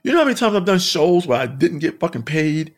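A stand-up comedian with a fairly high-pitched voice talks fast as he casually tells road stories. He's animated and profane, swearing plenty and laughing often.

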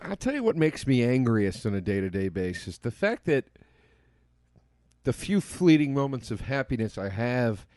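A man's voice: medium pitch, big pitch swings, moderate pace, a little mellow, dry recording. Guy ranting on a podcast, cusses a lot, voice jumps all over, dry room. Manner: impassioned, profane ranting. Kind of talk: casual chat.

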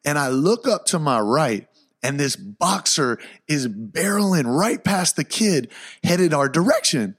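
A man's voice: a little high, measured pace, husky. Hyped, slangy young man podcaster. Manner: hyped, excitable, slangy, breaks into loud outbursts. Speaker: podcast host. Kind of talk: casual solo podcast storytelling.

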